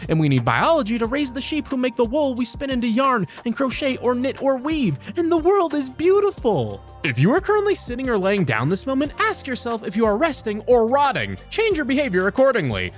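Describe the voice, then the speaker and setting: A man with a bright, high-pitched voice reads funny internet posts aloud, his pitch swooping up and down as he goes. His delivery moves easily between dry deadpan and sincere warmth, and soft music plays faintly underneath. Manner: expressive, shifting delivery from deadpan to heartfelt. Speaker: voice actor reading internet posts. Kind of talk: comedic reading of online posts.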